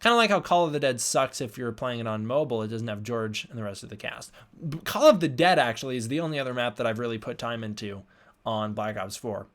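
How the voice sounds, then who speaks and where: A man's voice: medium pitch, animated, fast talker, a bit bright. Young male streamer, tired, rambling casual chat with viewers. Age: young adult. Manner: rambling, reads and answers chat. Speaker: livestream host.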